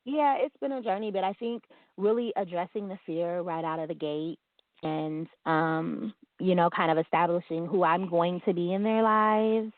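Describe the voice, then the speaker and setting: A woman's voice: lowish voice, normal speed, no room sound. Chatty woman telling a story, phone-like sound. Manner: storytelling, acting out quotes with laughs. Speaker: guest. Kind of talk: casual conversation. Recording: tinny phone-like line.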